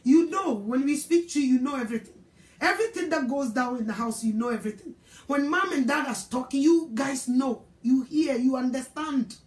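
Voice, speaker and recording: A woman's voice: high voice, a little fast, a little mellow, roomy sound. A woman evangelist with a Ghanaian accent, preaching in an emphatic, scolding way. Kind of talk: sermon.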